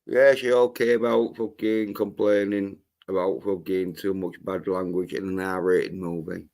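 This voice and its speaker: A man's voice: deep voice, level tone, a little slow, a little mellow. A man hosting a livestream, ranting angrily and swearing constantly in a rambling way. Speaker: livestream host. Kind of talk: profane livestream rant.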